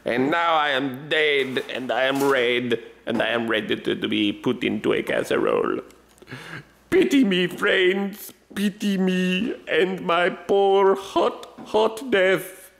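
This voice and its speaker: A man voicing a doomed, cooked male lobster in a deliberately bad fake French accent, lamenting melodramatically. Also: on the high side, lively intonation, vocal fry, a bit bright, pitched above the performer's own voice, exaggerated voice. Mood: self-pitying. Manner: melodramatic, self-pitying lament.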